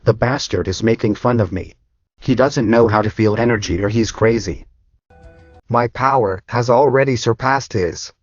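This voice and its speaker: A man's voice: fairly low pitch, normal speed, no echo, faint music behind, close to an everyday voice. A man reading the lines of an arrogant, scheming male moon god in an audio story, insulting and boastful. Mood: contemptuous. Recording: dull lo-fi dry audio.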